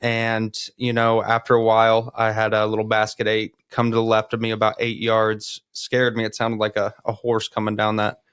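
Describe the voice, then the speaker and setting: Flat, smooth-voiced man telling a hunting story. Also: on the low side, moderate pace, hardly any pauses, dry recording, studio quality. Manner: plain, even storytelling with hesitant fillers. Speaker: podcast guest. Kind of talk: casual storytelling.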